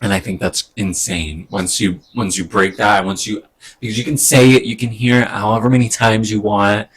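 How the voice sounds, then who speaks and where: A man talking in a casual personal vlog, hesitant and rambling, getting emotional with soft laughs. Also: lowish voice, steady tone, normal speed, slightly rough. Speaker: vlogger. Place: indoors at home during a move.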